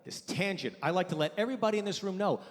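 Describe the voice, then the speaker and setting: A man in his forties performing a stand-up comedy set, telling loud, animated stories and breaking into sudden high yelps. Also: fast talker, long reverb tail. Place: theater stage before a live audience.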